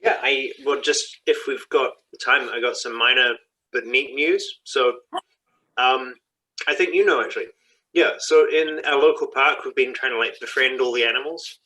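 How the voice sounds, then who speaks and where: A man shares a bit of news on a live chat, hesitant and halting. His voice is bright and forceful, at a middle pitch. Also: low-quality recording. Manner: hesitant, with many fillers. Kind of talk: casual chat.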